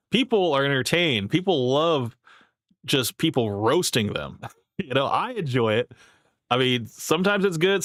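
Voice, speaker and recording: A man's voice: a little high, a bit bright, no room sound, studio quality. A young man casually commenting on a clip he is watching, rambling and laughing often. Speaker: streamer reacting to clips.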